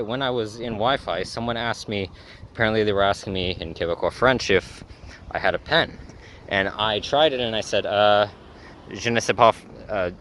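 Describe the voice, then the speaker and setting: A man's voice: lowish voice, a bit bright, slight background noise. A man talking casually in a travel vlog, rambling with lots of fillers and self-corrections. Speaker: travel vlogger.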